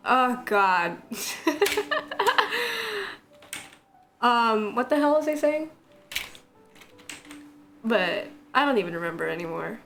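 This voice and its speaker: A woman's voice: a little high, animated, unhurried, creaky, pauses often, faint music behind. A young woman streaming live, chatting casually and rambling while she draws, answering chat and laughing often. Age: young adult.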